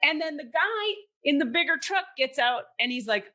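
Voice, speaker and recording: A woman's voice: high voice, normal speed, few pauses. Woman on a podcast rambling through a story, swears a lot, does little voices for people. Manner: animated, profane, acts out quoted voices. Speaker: podcast host. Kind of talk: casual storytelling chat.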